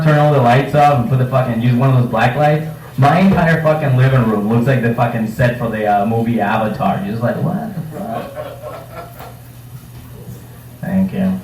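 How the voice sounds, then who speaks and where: A man's voice: medium pitch, animated, brisk, a little mellow. Stand-up comic: a crude, joking man doing a set in an echoey bar and picked up from a distance. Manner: crude, joking, acts out voices. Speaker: stand-up comedian. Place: comedy night in a bar. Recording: roomy bar room, mic heard from a distance, faint noise.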